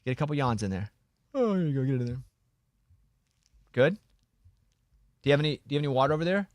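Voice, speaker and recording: A man's voice: medium pitch, animated, fast talker, darkish tone, no echo. Playful man hosting studio banter. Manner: playful, coaching and teasing. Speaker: radio show host. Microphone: studio microphone.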